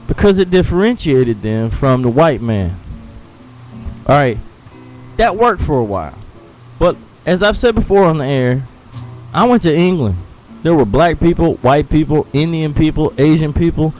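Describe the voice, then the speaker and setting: A talk radio co-host speaks in an opinionated, casual way, and his pitch moves all over the place as he talks. Faint music plays under his voice. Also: sing-song, unhurried, a little mellow, low-quality recording. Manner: opinionated, swears casually, laughs often.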